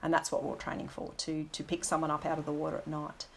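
Candid woman, lowish voice. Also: completely flat delivery, quick pace, gravelly, slight background noise. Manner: candid, reflective, with frequent restarts and ums. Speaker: former navy helicopter pilot. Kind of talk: interview, personal recollection.

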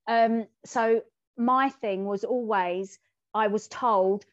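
A woman co-hosting a conversational podcast, telling a personal story in a candid, lively way and acting out the lines she quotes. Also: a little high, takes it slowly, no echo. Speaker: podcast co-host. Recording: dull, dry and muffled.

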